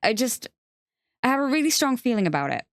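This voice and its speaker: A woman's voice: fairly high pitch, sing-song, dry recording, studio quality, pitched above the performer's own voice. A woman voicing a stammering teenage boy. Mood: anxious. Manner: stammering, unsure, halting. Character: nervous seventeen-year-old boy, hesitant.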